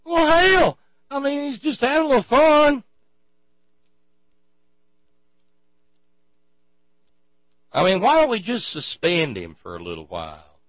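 A man putting on a high, drawling voice as a dismissive male official shrugging off the matter. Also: big pitch swings, moderate pace, dry recording, highs cut off, heavily acted. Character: folksy, dismissive male police board member.

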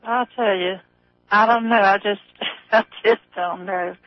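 Slow-drawling woman caller on the phone. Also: medium pitch, fairly even intonation, dry recording. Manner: slow, drawling, laughs a lot. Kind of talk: call-in radio chat. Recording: dull, dry phone line.

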